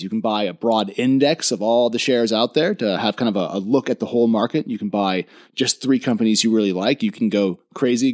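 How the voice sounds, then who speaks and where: A man speaking as a podcast guest in a sleepy morning voice. He explains things casually and at length, restarting often, in a mid-pitched voice. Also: darkish tone. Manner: thoughtful, explains at length with frequent ums and restarts.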